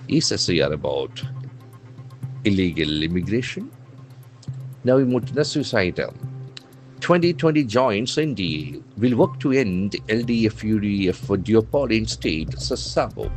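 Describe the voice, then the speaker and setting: A lower-pitched Indian English man runs a newspaper vocabulary lesson, his voice rising and falling in wide swings. He spells words out letter by letter and says each one again slowly for learners to follow. Soft music plays faintly behind him. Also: expressive. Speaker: English trainer.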